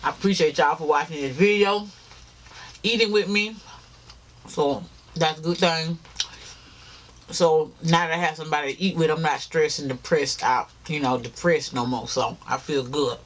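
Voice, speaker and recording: This mukbang vlogger sounds tired, chatting casually to viewers as he eats, addressing them as y'all and chewing between lines. His voice is fairly high, steady, a bit bright, at normal speed, with a little hiss or hum.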